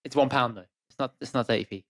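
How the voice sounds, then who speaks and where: A man's voice: medium pitch, fast talker, a bit bright. A man co-hosting a podcast in casual chat, jokey and bantering, reading memes aloud. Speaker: podcast co-host.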